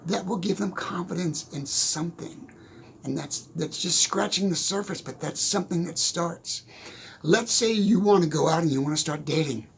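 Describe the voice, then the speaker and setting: A man in his sixties giving a casual motivational talk, telling stories in an animated way and chuckling often. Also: a little high, vocal fry, husky. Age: 60s. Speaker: motivational speaker.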